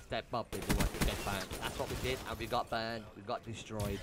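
Ranting young gaming commentator, swearing. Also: male voice, on the low side, fairly even intonation, fairly quick, noisy background. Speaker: gaming YouTuber. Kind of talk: profane gameplay commentary rant. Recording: game gunfire loud behind voice. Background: game gunfire and shots.

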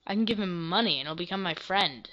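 A woman's voice: on the low side, quick pace, lo-fi sound. Chatty woman narrating her gameplay. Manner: chatty, self-deprecating, bursts into loud yelps. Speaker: gameplay video creator. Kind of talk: casual let's-play commentary.

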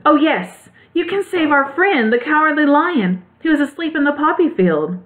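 A woman's voice: high voice, big pitch swings, noisy background, pitched above the performer's own voice. Woman voicing an eager straw scarecrow. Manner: quick, eager speech. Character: stuffed straw male scarecrow, eager and friendly. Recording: tinny phone-like sound.

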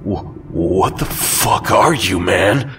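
A man plays a heavy, bearded brawler who curses loudly, his rough voice raised higher and harder than the narration. He comes across as coarse and aggressive in this horror audio tale. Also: lively intonation, slow pace, heavily acted. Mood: shaky. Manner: shouting, cursing. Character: burly bearded male brawler, foul-mouthed and aggressive.

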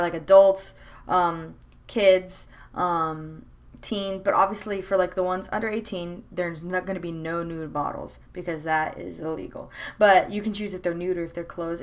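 Chatty young woman gushing over sketches. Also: on the low side. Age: young adult. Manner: chatty and rambling, with many fillers and restarts; gushing and enthusiastic. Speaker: art vlogger. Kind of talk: casual chat. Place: room at home.

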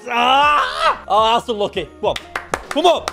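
A young man with a high, lively voice calls his own football video game match. He mutters quietly between plays and then erupts into excited shouts, with faint game music behind him. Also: a little slow. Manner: excitable, swings from low muttering to shouted outbursts. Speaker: gaming YouTuber. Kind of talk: live gameplay commentary.

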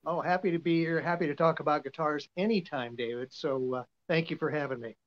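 The voice belongs to a man in his seventies from Nebraska who deals vintage guitars, here a podcast guest swapping casual stories. It's a little high and brisk, folksy and rambling with plenty of fillers, and the sound quality is dull and lo-fi.

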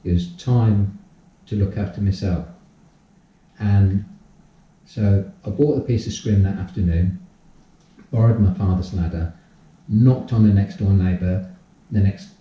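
An older man, a podcast guest telling his life story in a casual, animated way and acting out the dialogue. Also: lowish voice, measured pace, long pauses. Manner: animated storyteller, acts out dialogue, repeats phrases. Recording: distant, roomy, dull-sounding audio.

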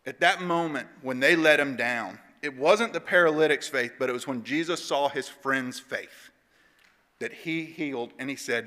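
A man giving a devotional talk in a church. He tells a story in an animated, conversational way. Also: medium pitch, moderate pace. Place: church auditorium. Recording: long church hall reverb.

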